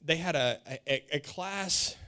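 A man's voice: fairly high pitch, slow, bright, forceful tone, clean tone. A man in his forties preaching a sermon, telling stories with animation and often repeating words.

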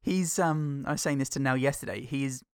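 A man co-hosting a casual comedic film review podcast, riffing chattily with halting restarts. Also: mid-range voice, clear, resonant tone, no room sound, clean studio sound. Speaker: podcast co-host.

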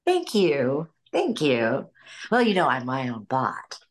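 A woman's voice: very deep voice, wildly swooping pitch, takes it slowly. An older woman from Illinois, a voice actress guest, chatting in an interview, laughing often between stories. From Illinois, USA. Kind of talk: casual interview storytelling.

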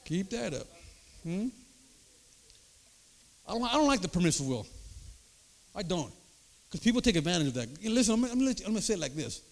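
An older man preaching a sermon, emphatic, checking in with the crowd through quick rhetorical asides. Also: sits high, sing-song. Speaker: pastor.

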